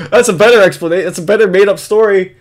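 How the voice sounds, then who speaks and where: Rambling sarcastic male commentator. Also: high-pitched. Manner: rambling, laughing, sarcastic, lots of restarts. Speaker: video commentator. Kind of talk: casual profane commentary.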